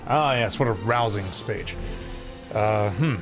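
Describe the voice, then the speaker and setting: A man's voice: fairly low pitch, takes it slowly. A man streaming a game, chatting and joking casually as he reacts to cutscenes. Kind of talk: casual gameplay commentary. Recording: loud game music over the voice.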